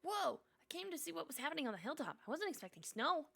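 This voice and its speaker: A woman voicing a small, eager, curious rat in a cozy game, asking excited questions. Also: high voice, fast, vocal fry, voice pushed up, exaggerated voice.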